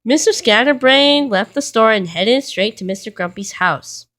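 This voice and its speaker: A woman reading a children's storybook aloud in a plain, steady way. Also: on the high side, normal speed. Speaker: reader.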